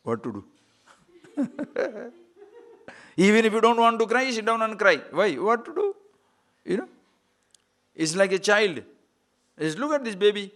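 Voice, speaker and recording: A man's voice: sits high, very animated, measured pace, pauses often, fairly bright tone. A man giving a spiritual talk, playful and laughing often, asking rhetorical questions. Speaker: spiritual teacher.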